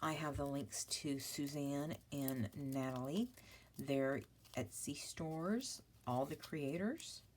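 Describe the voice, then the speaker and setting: A woman's voice: sits low, takes it slowly, a little hiss or hum. A middle-aged woman chatting through a crafting vlog, rambling and apologizing with self-mocking asides. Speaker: papercraft vlogger. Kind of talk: casual crafting vlog chat.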